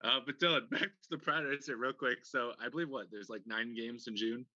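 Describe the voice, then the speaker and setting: A man's voice: medium pitch, fairly quick, sharp tone, no room sound, muffled recording. A man hosting a casual podcast over a video call, teasing his guests and laughing often. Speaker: podcast host. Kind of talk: casual chat. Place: home room, remote video call.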